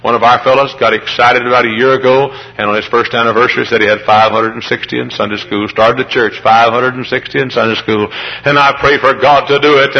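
A man preaching a sermon to a congregation, building from plain talk up to high, emotional cries. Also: fairly quick, gravelly, highs cut off. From Midwestern United States. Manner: emotional, rises to high pitched shouts. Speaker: traveling preacher.

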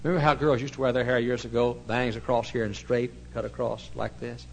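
A male pastor telling a story in a sermon, swinging from hushed to loud. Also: mid-range voice, little pitch movement, a little fast, creaky, a little hiss or hum, low-quality recording.

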